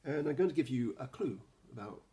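A middle-aged man, a children's author, reading his picture book aloud in an expressive storytelling manner. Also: medium pitch, a little fast.

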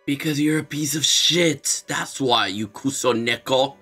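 A man's voice: mid-range voice, measured pace, bright, forceful tone, husky, faint music behind. Sarcastic young man streaming a game. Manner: sarcastic, jokey and swearing. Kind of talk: casual gaming commentary.

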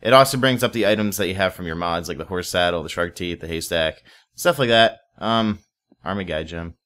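A man's voice: low voice, brisk, a bit bright. A young man casually commenting while playing a modded block game, rambling, swearing offhand and chatting to viewers and in-game animals. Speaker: Let's Play host.

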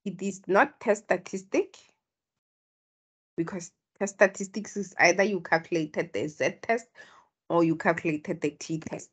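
Husky female stats tutor, low-pitched, slow and deliberate, prompting her class. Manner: explains step by step, prompts students to respond. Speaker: statistics tutor. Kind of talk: online tutorial.

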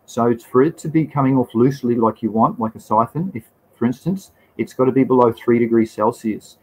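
An Australian-accented man hosts a casual live Q&A, answering chat questions in a mid-range, darkish, husky voice that runs a little fast. He's laid-back and rambling, using slang and the odd swear word, and the recording is low quality.

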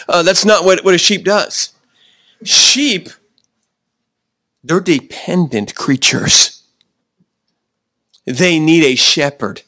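A man's voice: a little high, lively intonation, sharp tone, no echo. Preaching man, dry close sound. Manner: slows down for emphasis, restarts often, chuckles. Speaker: pastor. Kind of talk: sermon. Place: church.

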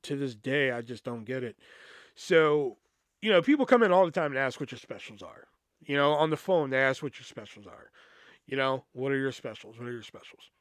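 A man's voice: medium pitch, lively intonation, moderate pace, no echo. A man hosting a podcast, telling work stories in a casual, profane, laid-back way. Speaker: podcast host. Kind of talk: casual storytelling.

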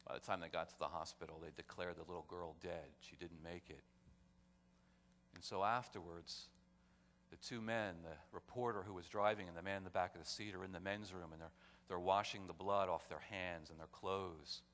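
A male pastor preaching a sermon, swinging between loud, emphatic calls and quiet, low storytelling. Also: steady tone, moderate pace, slight background noise. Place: church sanctuary. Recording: long church hall reverb.

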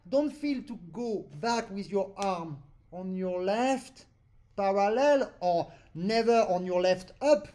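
During a remote accordion lesson, a man whose voice sits high and sounds darkish coaches his student. He speaks non-native English, correcting mistakes and singing rhythms on syllables.

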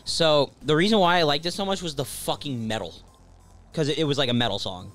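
A man's voice: on the high side, brisk, a bit bright, soft background music. A man co-hosting a casual let's-play, rambling with fillers and goofy jokes. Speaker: co-host.

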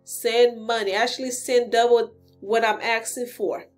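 A blunt, greedy father who makes demands, as a woman puts him on in her own fairly high voice. The tone is pushy and curt. Faint guitar music plays underneath. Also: steady tone, unhurried, close to an everyday voice. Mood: demanding.

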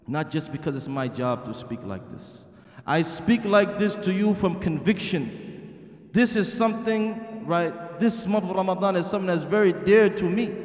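A middle-aged man preaching a sermon in a masjid hall, earnest and asking the audience rhetorical questions. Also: on the high side. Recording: echoey hall.

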